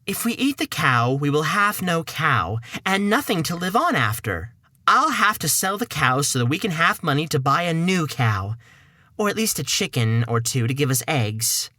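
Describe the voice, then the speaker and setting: A man voicing a poor, fretful old mother in a wailing high falsetto in a storybook podcast. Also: very animated, normal speed, sharp tone, dry recording, heavily acted. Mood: scolding.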